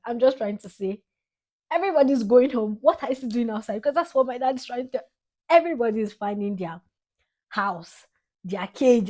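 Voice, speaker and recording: Expressive young Nigerian woman vlogging. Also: mid-range voice. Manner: expressive and dramatic, laughing between lines. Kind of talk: heartfelt tribute to her father.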